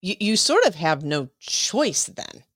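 Upbeat host voice, eager and agreeing, mid pitch, dry close recording. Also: sing-song, takes it slowly, a bit bright, dry recording. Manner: enthusiastic, affirming, laughs easily. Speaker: podcast host. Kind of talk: casual podcast conversation.

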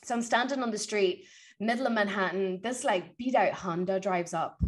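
A woman guest on an interview, coaching on public speaking and telling stories in an energetic, motivational way. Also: mid-range voice, moderate pace. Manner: energetic, motivational, animated retelling. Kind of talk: conversational interview, storytelling.

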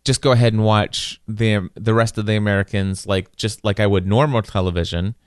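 A man with a lowish, smooth voice rambles through a relaxed conversation, often restarting his sentences. The sound is close and dry, with no room around it. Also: brisk, no echo. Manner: rambling, many restarts and repeated words. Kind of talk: casual chat.

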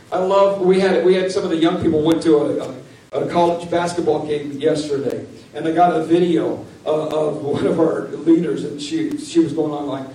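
Man preaching in an echoey hall. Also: on the high side. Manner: animated, laughing, acts out quotes in raised voice. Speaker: pastor. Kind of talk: sermon. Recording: echoey room from far off mic, faint ambient noise.

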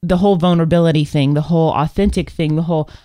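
Woman co-host, casual chat, animated storyteller, candid, dry close mic. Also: deep voice, quick pace, no room sound. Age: adult with children. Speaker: podcast co-host.

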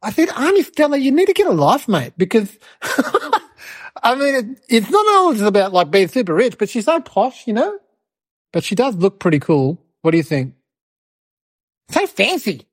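A woman's voice: on the high side, big pitch swings, normal speed, pauses often, husky. A woman performing a cheeky little boy in a comedy sketch, telling a rambling story with giggles and mocking impressions of his relatives.

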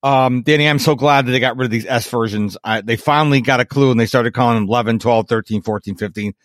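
Male podcast co-host, casual and playful, mid-pitched voice, dry close-mic sound. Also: fast talker, no echo. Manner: chatty, playful, jumps between topics. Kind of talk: casual tech podcast chat.

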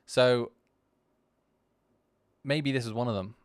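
A man hosting a podcast talks through his own video in a loose, rambling way, circling back with lots of restarts and asides. He is candid and self-deprecating, in a crisp, resonant voice recorded dry and close. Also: mid-range voice, slow pace, dry recording. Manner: rambling, full of "you know" and restarts. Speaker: podcast host.

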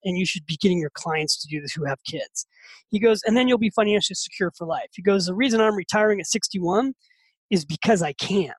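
A man in his fifties, a podcast guest and author telling a story in a lively, animated way and often repeating words as he gets excited. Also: high-pitched, dry recording, low-quality recording. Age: 50s. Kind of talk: casual storytelling.

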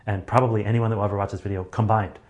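Casting note: low-pitched man, speaking coach, animated delivery, acts out examples. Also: very fast, muffled recording. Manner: frequent restarts and fillers. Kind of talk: solo talk, advice monologue.

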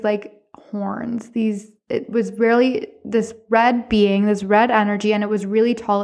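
A woman hosting a podcast, telling a personal ghost story in a chatty, animated way. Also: mid-range voice. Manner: chatty, animated retelling with profanity. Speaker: podcast host. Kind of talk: casual storytelling monologue.

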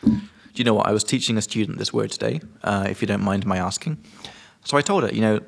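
A man's voice: lowish voice, quick pace, creaky. A man hosting a casual podcast, teaching vocabulary with jokes and casual swearing. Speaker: podcast host and English teacher.

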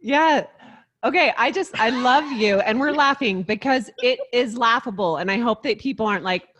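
A woman co-hosting a podcast, chatting casually and enthusiastically, quick to agree and to laugh. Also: on the high side, a bit bright. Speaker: co-host.

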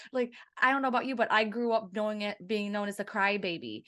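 A woman hosting a podcast in casual chat, chatty and quick to laugh, with animated asides. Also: medium pitch. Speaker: podcast host.

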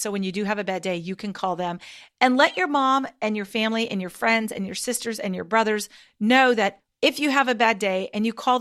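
Upbeat encouraging mother, slightly high voice. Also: fairly bright tone. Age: adult parent. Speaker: homeschooling podcast host. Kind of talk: casual advice monologue.

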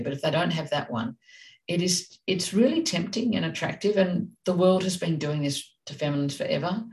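Woman co-host, gravelly and direct, passionate delivery, off-mic sound. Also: deep voice, far from the mic, poor audio. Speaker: parenting podcast co-host. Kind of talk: casual discussion.

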